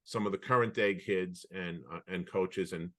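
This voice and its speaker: A man co-hosting a podcast over a video call, telling anecdotes in an animated way with many restarts. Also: deep voice, normal speed. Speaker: podcast co-host. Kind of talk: casual storytelling chat.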